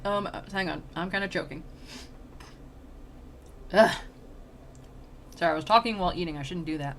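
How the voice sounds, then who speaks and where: A woman's voice: on the low side, quick pace, slight background noise. A woman streamer chatting casually and rambling in slang while reading a poem aloud.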